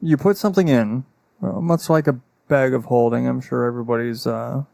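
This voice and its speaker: A man's voice: mid-range voice, fairly even intonation, fairly quick, gravelly, warm tone, dry recording, studio quality. A man running a tabletop game as game master, explaining rules with fillers like "uh".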